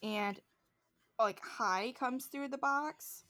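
A woman's voice: a little high, very slow, bright, forceful tone. Chatty young woman retelling a story. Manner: rambling retelling with many likes and quoted voices. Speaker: podcast co-host. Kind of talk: casual storytelling chat.

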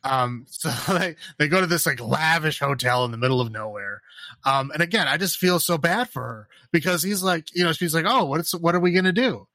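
A man co-hosting a podcast, chatting casually about a horror film, sarcastic and animated, with lots of fillers and laughs. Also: a little high, normal speed, no echo. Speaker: podcast co-host. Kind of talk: casual horror movie chat.

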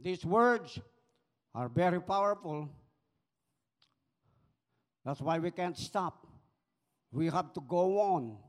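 Filipino pastor preaching hard, really high voice, big echoey hall. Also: male voice, animated, takes it slowly, long pauses. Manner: switches between English and Tagalog, rousing and emphatic. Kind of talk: sermon.

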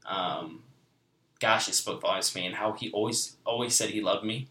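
A man in his twenties gives a heartfelt personal testimony, rambling and filling pauses with "you know" and "like". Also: lowish voice, bright, forceful tone. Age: 20s. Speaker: guest. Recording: echoey room.

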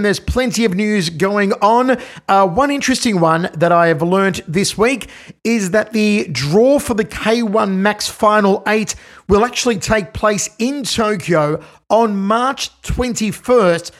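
High-voiced upbeat podcast host. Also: male voice. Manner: upbeat, enthusiastic promo delivery. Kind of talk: casual podcast chat. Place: home studio in Melbourne.

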